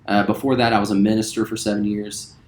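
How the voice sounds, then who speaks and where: A man in his forties from West Virginia, a theater teacher introducing himself to students in a relaxed, friendly way with lots of ums. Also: fairly low pitch, fast talker, a little hiss or hum. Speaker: high school theater teacher. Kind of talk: recorded self-introduction to students. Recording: roomy echo.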